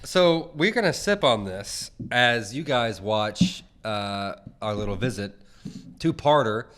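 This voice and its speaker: Playful man, lively pitch. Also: slow pace. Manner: joking, playful banter. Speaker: co-host. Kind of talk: casual chat.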